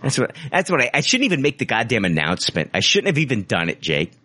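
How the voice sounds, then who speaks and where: A man's voice: medium pitch, huge pitch swings, quick pace, pushed and bright, dry recording. A man hosting a podcast in casual chat, swearing a lot, rambling and mocking himself. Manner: profane, rambling, self-mocking. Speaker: podcast host.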